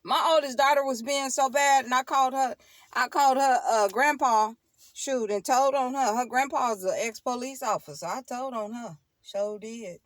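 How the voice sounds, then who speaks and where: A woman's voice: high voice, moderate pace, no echo. A middle-aged woman, talking straight to her viewers in a casual monologue, emphatic and repetitive, laughing often. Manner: emphatic, repeats herself, laughs often, preachy asides. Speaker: tarot channel host.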